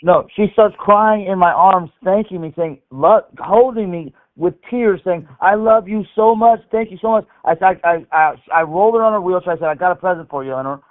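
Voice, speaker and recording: A man calling in to a live show, telling a profane story with animated energy. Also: high-pitched, fairly quick, hardly any pauses. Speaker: caller. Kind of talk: storytelling on a phone call. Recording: phone line.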